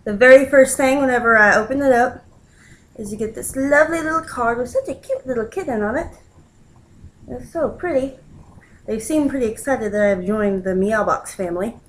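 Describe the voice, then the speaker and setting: A woman's voice: moderate pace, slight background noise, low-quality recording. A young woman chatting casually as she unboxes a package at home, recorded on a built-in laptop mic, cooing at her cat now and then. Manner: chatty, coos at her cat in a high baby voice. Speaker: vlogger. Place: home room.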